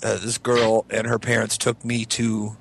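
A man telling funny stories from his childhood in casual podcast chat, animated and profane. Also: fairly low pitch, a little slow, gravelly, a little hiss or hum. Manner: animated storyteller, swears freely. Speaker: podcast co-host.

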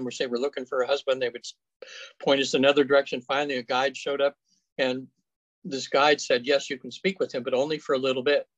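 A man, a guest on an interview show, recounts cases in a casual, halting way full of fillers and restarts. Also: medium pitch, fairly bright tone, no echo, highs cut off. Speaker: afterlife researcher guest.

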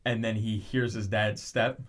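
In a casual chat, a man with a lowish voice retells a show's plot at an unhurried pace. His storytelling is animated and rambling, full of restarts and tangents.

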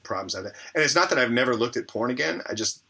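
A man's voice: medium pitch, expressive, fast, vocal fry, sharp tone, husky. A man as an interview guest, telling a candid personal story in a rambling way, full of fillers and restarts.

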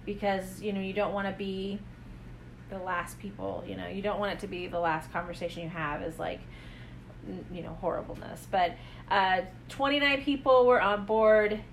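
A woman's voice: medium pitch, fairly even intonation, normal speed, gravelly, slight background noise, poor audio. A middle-aged woman co-hosting a podcast, chatting casually in a rambling way with many fillers. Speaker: podcast co-host.

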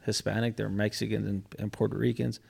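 Gravelly-voiced man in casual podcast chat. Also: lowish voice, level tone, brisk, darkish tone. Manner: laid-back slangy talk, swearing.

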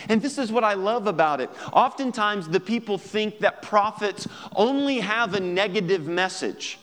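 High-voiced preacher in a reverberant hall. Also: male voice, normal speed, few pauses, fairly bright tone. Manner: conversational preaching, acts out dialogue, laughs. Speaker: pastor. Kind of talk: sermon.

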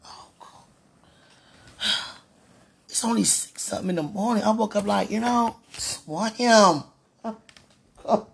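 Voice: medium pitch, measured pace, vocal fry, pauses often, slightly rough. A speaker in a fervent devotional monologue, sighing and laughing often and repeating words.

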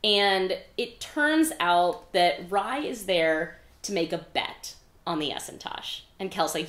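A woman's voice: lowish voice, animated, takes it slowly, fairly bright tone. A woman hosting a podcast, recapping a book in a chatty, casual way with frequent "like" and some swearing. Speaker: podcast host. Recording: echoey room.

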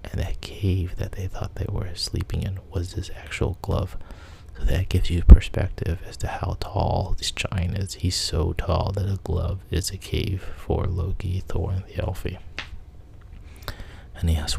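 A man retells a myth in a casual, conversational way. His voice is very deep and dark, with plenty of fry and little rise and fall. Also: level tone, measured pace, a little hiss or hum. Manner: conversational, plain, with small fillers. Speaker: storyteller.

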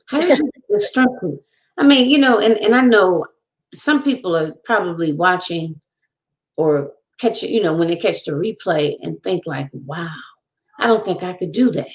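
A woman's voice: on the low side, animated, moderate pace. A woman hosting an interview, affirming her guest with frequent murmurs of agreement. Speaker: show host. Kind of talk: casual interview talk.

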